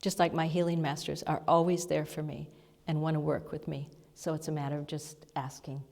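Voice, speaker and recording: Low-voiced woman minister in reverberant hall. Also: level tone. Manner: soft, halting storytelling with breathy asides and laughs. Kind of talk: conversational sermon lesson. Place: church hall, seated before the congregation. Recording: long reverb of a large hall.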